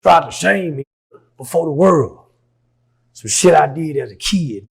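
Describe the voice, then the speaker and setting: A middle-aged man telling a story as an interview guest, profane and heated, dropping to low mutters and then shouting. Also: expressive, a little slow, vocal fry, breathy edge.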